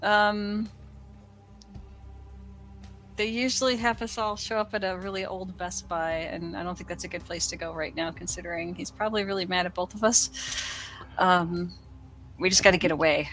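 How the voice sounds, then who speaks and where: A woman's voice: lowish voice, steady tone, normal speed, pauses often, a bit bright, soft background music, rough recording. A woman playing a tabletop game in character, talking hesitantly with nervous giggles. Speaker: player.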